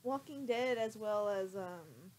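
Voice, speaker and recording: A woman's voice: mid-range voice, expressive, takes it slowly, slight background noise, poor audio. A woman co-hosting a casual livestream, reading out chat questions and laughing often.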